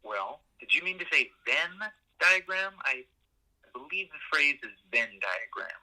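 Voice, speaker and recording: A man's voice: mid-range voice, animated, measured pace, pushed and bright, heavily acted, rough recording. An actor playing a fussy, eager male assistant who interrupts to correct facts, speaking hesitantly with stammers and apologies.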